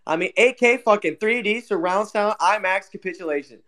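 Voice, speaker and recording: Brief: high-pitched man, rants and swears, casual online chat co-host. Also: brisk, pushed and bright. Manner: ranting, heavy swearing, repetitive fillers. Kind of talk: casual chat on an audio stream.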